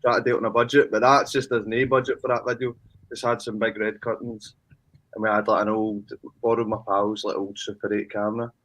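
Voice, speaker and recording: A man's voice: lowish voice, flat delivery, fairly quick, a bit bright, poor audio. A man with a Glaswegian accent, a musician talking casually, blunt and slangy with heavy swearing. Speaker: musician guest. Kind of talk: casual chat.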